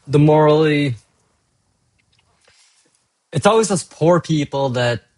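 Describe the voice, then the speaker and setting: A man's voice: on the high side, lively intonation, slow, a little mellow. A middle-aged man ranting casually and profanely on his own show, rambling from gripe to gripe. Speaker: vlogger. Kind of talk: casual solo rant.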